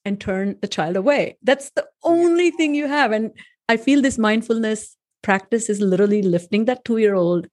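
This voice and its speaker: A woman's voice: on the high side, moderate pace, darkish tone. Casting note: a woman host in a casual interview, a storyteller who laughs often and uses lots of fillers. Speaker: podcast host.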